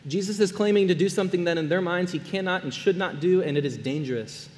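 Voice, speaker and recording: A man preaching a sermon as a pastor, earnest, dropping to hushed tones and then rising to emphatic ones. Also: sits high, fast talker, long reverb tail. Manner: earnest, swings between soft hushed lines and raised emphatic ones.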